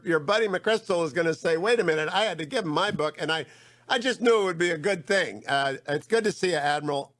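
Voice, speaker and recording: Man, talk radio host, middle-aged, enthusiastic, conversational, fairly high voice. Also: a bit bright. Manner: chatty, enthusiastic, quick asides. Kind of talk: radio interview.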